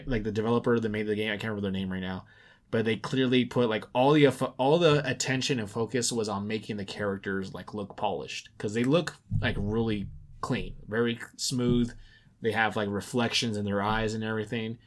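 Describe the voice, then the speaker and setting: A man's voice: lowish voice, fairly even intonation, brisk. A man co-hosting a casual gaming podcast, rambling with lots of fillers and restarts. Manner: announcer-style loud intros for segments. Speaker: podcast co-host.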